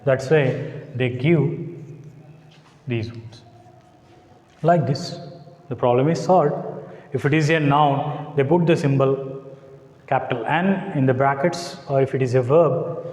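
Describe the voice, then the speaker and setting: A man with an Indian English accent teaching an English lesson, speaking slowly and deliberately and repeating words to model their stress. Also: medium pitch, a little mellow. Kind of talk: classroom lecture. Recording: echoey classroom, voice sometimes off-mic.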